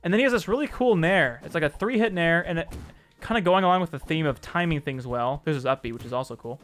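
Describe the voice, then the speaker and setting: A man's voice: a little high, fast talker, fairly bright tone. A man hosting a casual live stream, demoing a game he works on, answering chat and often correcting himself mid-sentence. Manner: chatty, answers chat messages, frequent restarts and self-corrections.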